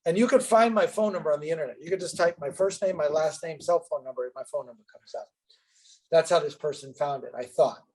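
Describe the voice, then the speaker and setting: Man, middle-aged, husky, fairly high voice, animated storyteller, interview guest. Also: fast talker, low-quality recording. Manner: animated storyteller acting out quoted dialogue. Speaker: guest entrepreneur.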